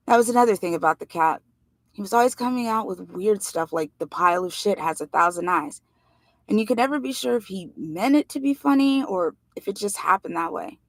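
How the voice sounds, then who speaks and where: A woman reading a novel aloud in plain, steady first-person narration. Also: medium pitch, vocal fry, no room sound. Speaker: reader.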